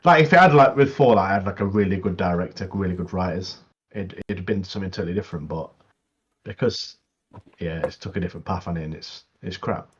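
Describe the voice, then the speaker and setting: A husky, low-voiced man chats about games on a podcast, laughing a lot as he acts out scenes. His voice comes through a dull, lo-fi mic. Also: fast. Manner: laughs often, animated retellings. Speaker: podcast co-host. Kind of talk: casual gaming chat.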